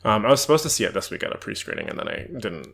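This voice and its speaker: A man co-hosting a podcast in casual chat, talking haltingly with many ums and restarts. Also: on the low side, huge pitch swings, gravelly, fairly bright tone, slightly rough. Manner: filler-heavy, hesitant, with repeated restarts. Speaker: podcast co-host.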